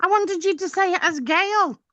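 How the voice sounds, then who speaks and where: A woman's voice: extremely high pitch, moderate pace, a bit bright, no echo, highs cut off. A woman co-hosting a casual late-night radio chat show in a studio, giggly, teasing and chatty.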